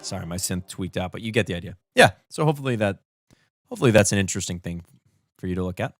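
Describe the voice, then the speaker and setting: An enthusiastic man walks through his song arrangement on a casual stream, thinking aloud and sometimes singing the rhythms as he goes. His pitch is lively and moves a lot. Faint music plays behind him. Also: quick pace. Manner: sings rhythms and melodies out loud while explaining. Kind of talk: casual explanatory livestream talk.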